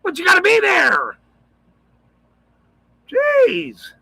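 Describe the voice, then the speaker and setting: A man giving rambling, profane commentary, shouting and swearing often and laughing a lot as he talks. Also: extremely high pitch, huge pitch swings, slow pace, gravelly, no room sound, low-quality recording.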